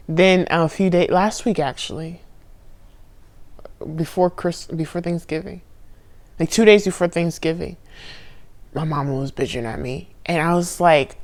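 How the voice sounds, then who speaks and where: A young woman recording a confessional vlog on her phone, candid and profane, drifting from low murmurs to loud outbursts. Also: moderate pace, pauses often. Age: young adult. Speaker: spiritual vlogger. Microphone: phone camera.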